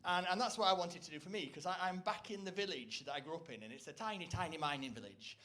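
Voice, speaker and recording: A man performing a rambling, self-deprecating stand-up comedy set on stage, breaking into loud, shrill impressions. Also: fast talker. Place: stage before a live audience.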